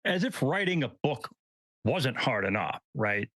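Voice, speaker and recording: A man's voice: mid-range voice, sing-song, unhurried, a bit bright, no room sound. Easygoing man asking interview questions. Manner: loose, filler-heavy questions. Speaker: podcast co-host.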